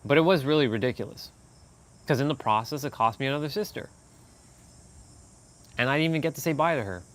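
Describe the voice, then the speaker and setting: A man from Canada chatting casually on a live stream, rambling and animated, laughing often as he talks to viewers. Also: medium pitch, quick pace.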